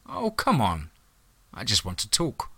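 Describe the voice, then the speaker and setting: Smooth sly devil lady, a man doing the voice, teasing, sharp edge, dry close sound. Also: lowish voice, huge pitch swings, measured pace, no echo, full character voice. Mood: teasing, seductive. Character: the devil as a smooth, seductive woman.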